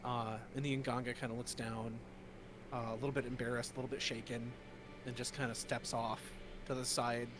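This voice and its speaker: A man's voice: medium pitch, flat delivery, a little fast. A man narrating as game master in a casual way, with many fillers. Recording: noisy home mic.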